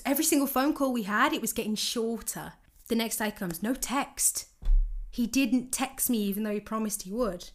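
A young woman telling a dating story and giving advice, acting out both sides of the conversations in a lively, candid way. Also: fairly high pitch. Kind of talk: casual storytelling monologue.

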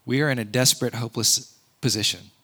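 A man preaching a sermon, conversational and earnest, often rising to loud emphatic peaks. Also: mid-range voice, fast. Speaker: pastor.

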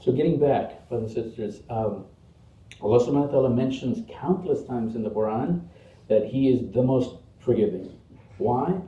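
With a warm, expressive mid-range voice at a moderate pace, a man preaches the Friday sermon in a mosque prayer hall. Earnest and rhythmic, he builds lists with rising emphasis, captured by a distant, muffled mic in an echoey hall.

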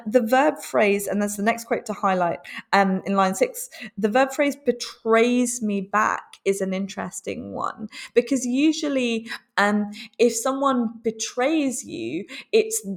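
A woman teaching a lesson on a poem, explaining in a measured way with frequent pauses and ums. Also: mid-range voice, creaky.

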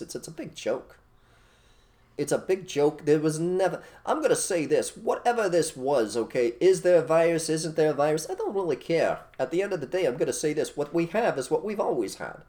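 A man co-hosting an opinionated casual chat, blunt and animated, repeating his phrases for emphasis. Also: on the high side, brisk. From United States. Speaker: co-host.

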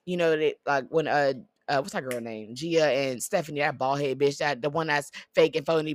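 A vlogger giving blunt, profane opinions in casual commentary, swinging between loud outbursts and muttered asides. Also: mid-range voice, fairly quick, hardly any pauses, dry recording.

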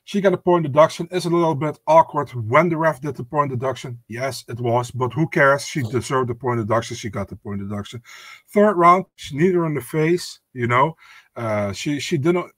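Male co-host, easygoing and measured, dry mic, mid-range voice. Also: medium pitch, a bit bright, no echo. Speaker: podcast co-host. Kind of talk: casual podcast chat.

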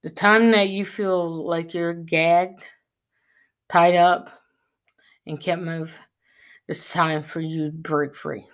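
Woman, slow unhurried delivery, earnest, preachy, personal testimony. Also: lowish voice, steady tone. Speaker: faith testimony speaker.

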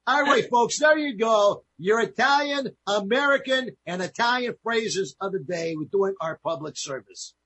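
A jovial man co-hosting a casual talk show, explaining phrases to his listeners. His voice sits fairly high for a man and has a husky edge. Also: moderate pace, few pauses, bright, forceful tone, rough recording. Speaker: co-host. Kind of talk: casual radio-style chat.

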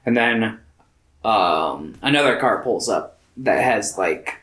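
A man co-hosting a casual film podcast, relaxed and agreeable, retelling scenes with fillers. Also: lowish voice, slow. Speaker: podcast co-host. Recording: echoey room.

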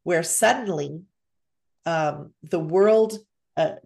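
Low-voiced woman retelling a film. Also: slow, creaky, a little mellow, slightly rough. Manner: attentive listener, rambling summaries. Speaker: podcast co-host. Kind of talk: casual chat.

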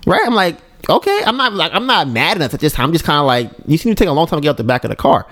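A man's voice: fairly high pitch, racing. A man co-hosting a podcast, telling a personal story in a casual, conversational way and often checking in with his listeners. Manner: animated, acts out his own and others' lines. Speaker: podcast co-host.

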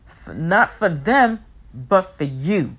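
A woman giving a heartfelt personal motivational talk, emphatic and repetitive, sometimes rushing her words. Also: lowish voice, very animated, fairly bright tone, husky. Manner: speeds up and slows down, talks fast at times.

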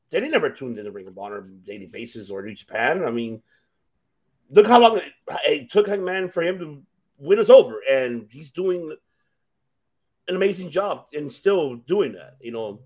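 A man with a notably high speaking voice hosts a casual chat. He talks excitably, laughs often and swears freely. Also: moderate pace. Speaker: podcast host.

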